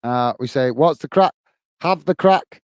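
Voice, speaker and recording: A man with a Northern Irish accent hosting a football watch-along stream, giving steady play-by-play and chatting in a friendly way as he reads viewer comments. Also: medium pitch, unhurried, smooth, no room sound. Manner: friendly and chatty, often says "mate" while reading viewer comments. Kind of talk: live play-by-play commentary with chat.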